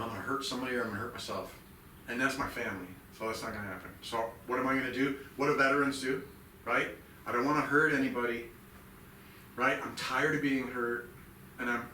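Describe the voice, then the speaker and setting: A man in his fifties tells a raw personal story in a bright, forceful voice, intense and profane, swinging from low murmurs to loud outbursts. He sits back from the mic, so his voice sounds distant in a roomy, echoing space with a faint hum behind it. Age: 50s. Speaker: podcast guest, military veteran.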